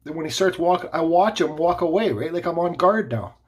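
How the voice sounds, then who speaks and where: Husky-voiced man telling a rambling story. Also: a little high, lively intonation, fairly quick. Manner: rambling, restarts and asides. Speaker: woodcarver. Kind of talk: casual storytelling vlog.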